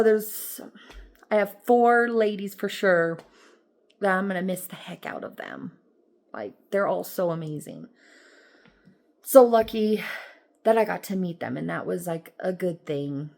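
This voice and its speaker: A woman's voice: lowish voice, gravelly, a little mellow. A woman vlogger and rideshare driver talking in a chatty, rambling, emotional and upbeat way. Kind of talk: casual vlog chat.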